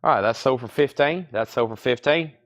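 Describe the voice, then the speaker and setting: Man, casual livestream host, rambling and self-deprecating, mid-pitched voice. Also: a little fast, a bit bright. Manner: rambling, self-deprecating, chatty while eating. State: coughing, throat choked. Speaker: live sale host.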